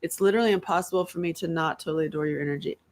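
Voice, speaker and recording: Chatty, candid woman with a lowish voice. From North Carolina. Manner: animated, candid, laughs often, quick asides. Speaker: host. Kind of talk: casual live-stream chat.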